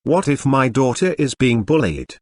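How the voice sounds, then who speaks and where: A man's voice: medium pitch, very animated, normal speed, dry recording, studio quality. A man reading the lines of an anxious middle-aged father, voiced as a string of worried questions.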